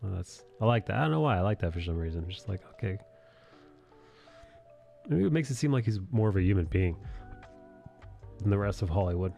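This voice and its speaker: Low-voiced man rambling on a live stream. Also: lively intonation, a little fast, vocal fry, pauses often, mellow, lo-fi sound, soft background music. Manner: rambling, jokey, thanks donors. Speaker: streamer host. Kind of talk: casual live-stream chat.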